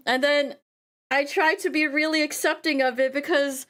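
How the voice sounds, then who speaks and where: High-pitched woman streamer, casual chat, keeps giggling and repeating words. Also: little pitch movement, normal speed, a bit bright. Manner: giggly, laughs through her words often; stumbling restarts and repeated words.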